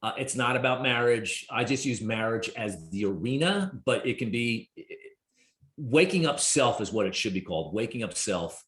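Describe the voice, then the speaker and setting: A man in his fifties, a guest on a talk show, telling stories and acting out the people in them with sudden high leaps in pitch. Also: lively intonation, normal speed, fairly bright tone. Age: 50s. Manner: storytelling, acts out quoted dialogue with big pitch jumps. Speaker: guest, therapist and executive. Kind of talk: casual conversation. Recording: roomy echo.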